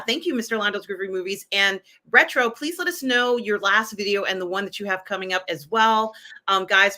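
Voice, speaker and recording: A woman's voice: medium pitch, bright, forceful tone. A woman hosting a live stream, reading out viewer comments in an upbeat, effusive way. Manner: upbeat, effusive, many fillers. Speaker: host.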